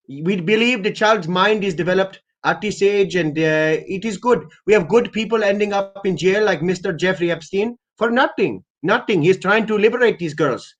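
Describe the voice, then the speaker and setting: Man playing an odd polite male prank caller, raised pitch, stiff formal phrasing. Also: a bit bright. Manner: formal, repeats "my friend".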